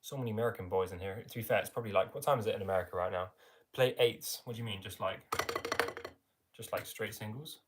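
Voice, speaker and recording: A man's voice: on the low side, fast talker, heavy background noise. A young man with an English accent, casually reading out and answering viewer comments on a live stream. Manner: chatty, reads viewer comments aloud, friendly filler "mate". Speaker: livestream host answering chat.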